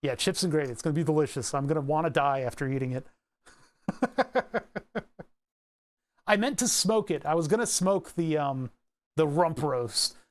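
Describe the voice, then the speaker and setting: A man's voice: on the high side, normal speed, pauses often. A man chatting casually on a livestream from his home workshop, rambling and often restarting his sentences. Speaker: streamer.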